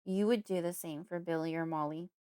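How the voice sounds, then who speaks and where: A woman's voice: lowish voice, fairly even intonation, brisk, warm tone, clear, resonant tone, no room sound, clean studio sound, natural voice. A woman doing a desperate frightened father. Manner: urgent, pleading, raised voice.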